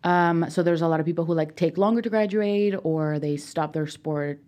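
Young woman from peru, spanish is her first language, low voice, rambles along telling her story w lots of ums. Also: normal speed, darkish tone, highs cut off. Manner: chatty, storytelling with many fillers. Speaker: guest. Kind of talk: casual interview.

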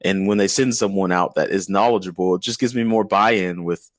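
Man, podcast co-host, casual joking chat, lowish voice, dry close-miked sound. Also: fairly even intonation, brisk, no room sound. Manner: joking, loose, swears freely.

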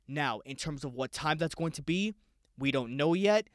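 A young man from the United States hosting a casual solo podcast, excitable, swearing freely and talking straight to his listeners. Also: a little high, moderate pace, no echo, studio quality. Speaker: podcast host.

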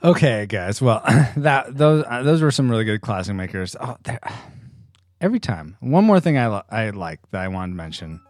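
Lively male podcast host. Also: lowish voice, dry recording, studio quality. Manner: lively, joking, quick to laugh. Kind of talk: casual podcast chat.

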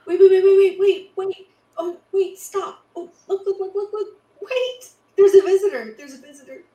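A woman recorded in a hotel room on her phone, talking urgently and repeating words rapidly. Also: very high-pitched, fairly even intonation, dark tone. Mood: alarmed. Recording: roomy phone video with faint noise.

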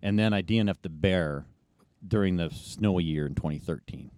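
A man's voice: deep voice, normal speed, a little mellow, no room sound, clean studio sound. A middle-aged man telling long anecdotes in a casual interview, rambling with many fillers and restarts. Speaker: guest ultrarunner.

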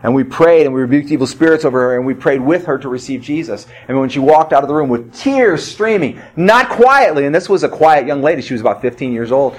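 A man preaching a sermon as pastor, swinging from loud emphatic cries to low quiet asides. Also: lively intonation, fast talker, hardly any pauses.

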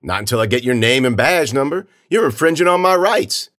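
A man voicing a mouthy, defiant teenage boy who protests loudly and indignantly. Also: mid-range voice, animated, brisk, pitched above the performer's own voice, close to an everyday voice. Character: brash young male teen, mouthy and defiant.

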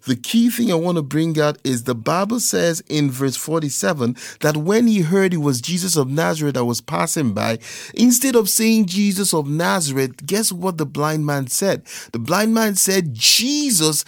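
A man's voice: sits high, dry recording, clean studio sound. A man preaching a sermon, reading scripture aloud and repeating key phrases for emphasis.

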